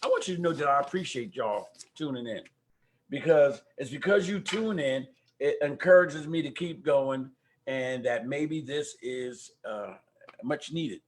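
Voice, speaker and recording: A man's voice: mid-range voice, measured pace, a little hiss or hum. An older man hosting a community talk livestream, greeting viewers by name and urging them to vote. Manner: warm preacher-like exhortations. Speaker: host of a community talk show. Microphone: microphone at home.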